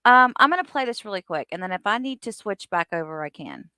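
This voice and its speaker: A woman's voice: mid-range voice, animated, fast, pushed and bright, no room sound, clean studio sound. Chatty woman hosting a livestream. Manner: chatty, greets viewers by name. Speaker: livestream host. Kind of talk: casual livestream chat reading viewer comments.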